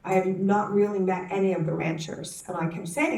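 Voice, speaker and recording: A woman telling a personal story to a conference audience, animated and acting out the voices in her story, often restarting her sentences. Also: mid-range voice, brisk. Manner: frequent self-corrections and restarts. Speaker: conference speaker. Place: conference hall. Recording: roomy hall, speaker distant from the mic.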